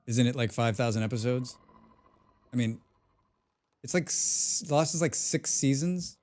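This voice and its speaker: A man's voice: mid-range voice, measured pace, darkish tone. A man casually chatting on a game live stream, humming and mumbling nonsense sounds between remarks. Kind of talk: casual live-stream chat while playing.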